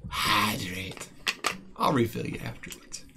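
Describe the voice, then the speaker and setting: A man's voice: fairly low pitch, big pitch swings, slow pace, gravelly, background noise. A man from the southern United States chatting casually and playfully, with plenty of jokes. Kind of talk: casual chat. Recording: music playing behind.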